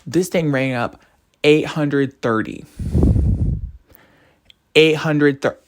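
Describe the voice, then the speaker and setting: A man's voice: on the high side, takes it slowly. A young man in college ranting casually to camera, rambling from topic to topic. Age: young adult. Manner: animated, rambling, jumps between topics. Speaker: college student vlogger.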